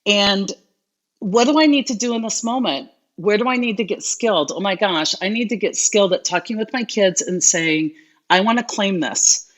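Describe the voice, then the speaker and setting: A woman's voice: medium pitch, moderate pace. A middle-aged woman hosting a live stream, reading viewer questions and coaching in an earnest, encouraging way. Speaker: host.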